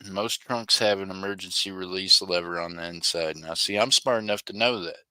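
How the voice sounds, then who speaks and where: A man's voice: low-pitched, a little fast, pushed and bright, clean tone, dry recording. Joking, slangy male livestream host. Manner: joking, rambling, addresses chatters by name; laughs often, slangy banter. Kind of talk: casual live-stream chat with viewers.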